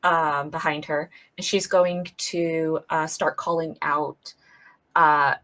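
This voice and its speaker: A woman playing a tabletop game, describing her character's actions in a halting way, full of fillers. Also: low-pitched, little pitch movement, bright, forceful tone. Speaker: player. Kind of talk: tabletop role-play chat.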